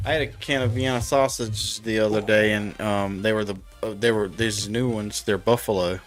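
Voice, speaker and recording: A man's voice: on the low side, steady tone, normal speed, faint music behind. A man, rambling and laughing through a casual late-night stream chat and swearing now and then. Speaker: stream host.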